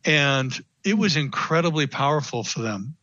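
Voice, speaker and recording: Man, radio guest, bright tense voice, animated storyteller, dry lo-fi sound. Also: a little high, moderate pace, no room sound. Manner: animated storytelling, acts out quotes. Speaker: guest consultant. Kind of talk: radio interview.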